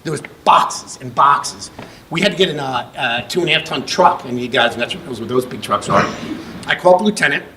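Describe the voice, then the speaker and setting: A man's voice: mid-range voice, expressive, a little fast, bright, forceful tone, a little hiss or hum, poor audio. A middle-aged American man presenting an award at a ceremony, telling a long anecdote with restarts and fillers. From United States. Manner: rambling anecdotal delivery with many restarts. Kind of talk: storytelling speech. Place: function room.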